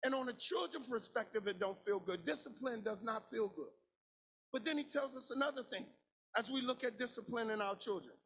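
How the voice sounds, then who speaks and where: Pastor, male, very high gravelly voice, shouting sing-song sermon. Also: lively intonation, fairly quick. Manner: preaching with shouted, sing-song cadence and repetition.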